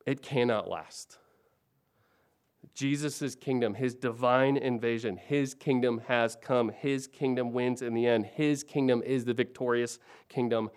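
A man in his forties preaching a sermon, swinging between hushed and emphatic lines and building on repeated phrases. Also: mid-range voice, smooth. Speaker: pastor.

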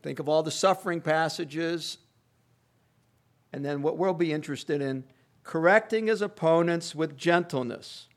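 A pastor preaching an expository sermon in a teacherly, halting way, with many fillers and emphatic rising stresses. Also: male voice, a little high.

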